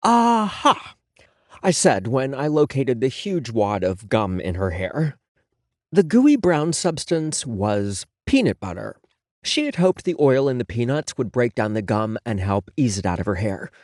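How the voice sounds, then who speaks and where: Sassy, lively male audiobook narrator. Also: mid-range voice, a little slow, dry recording, studio quality. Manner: sassy, sarcastic, profane. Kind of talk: first-person audiobook narration.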